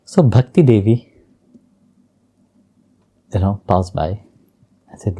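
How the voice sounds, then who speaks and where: A low-pitched man with a mellow, dark voice, gently telling spiritual stories in an interview. His phrasing is simple and non-native, and he chuckles softly now and then. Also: animated, slow, long pauses, slightly rough. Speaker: spiritual teacher. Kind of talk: storytelling and spiritual teaching in an interview.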